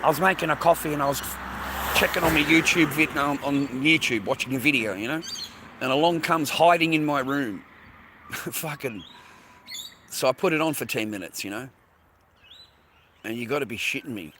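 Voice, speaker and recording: A man's voice: fairly high pitch, moderate pace, pauses often, bright, forceful tone, a little hiss or hum. A middle-aged Australian man rambling in a casual, profane monologue to camera outdoors by the water. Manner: profane, rambling, slangy, repeats himself. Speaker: vlogger.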